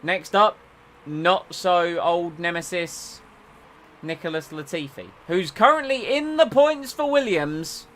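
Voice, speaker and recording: A man's voice: sits high, animated, slow pace, fairly bright tone. A man streaming a racing management game, chatting casually and urging his driver on. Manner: urges his driver on, slips into playful accents. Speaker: gaming streamer.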